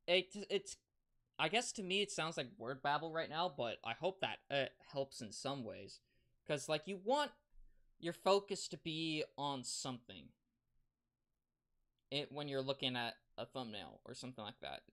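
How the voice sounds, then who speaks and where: A streamer giving casual advice on a livestream, rambling and halting, with many restarts and fillers. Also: mid-range voice, a bit bright.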